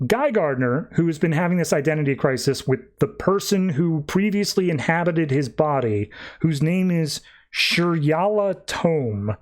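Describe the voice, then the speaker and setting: A man's voice: a little high, animated. A man hosting a podcast, giving a rambling, casual recap of a comic book story. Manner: rambling, breezy summarizing with quick mock voices. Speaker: podcast host.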